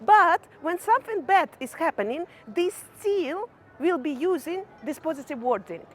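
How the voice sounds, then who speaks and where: A young woman with a Ukrainian accent talks casually to her viewers in a high voice. She leans on "kind of" and "you know" as she goes, relaxed and conversational. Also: moderate pace. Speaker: vlogger. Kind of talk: casual talk to camera.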